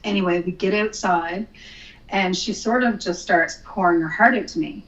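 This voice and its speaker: A woman's voice: on the low side, moderate pace, a bit bright, reverberant, highs cut off. Earnest woman telling her faith story. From Canada. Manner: earnest storytelling with many ums. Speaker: podcast guest, author. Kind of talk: casual interview, telling her testimony.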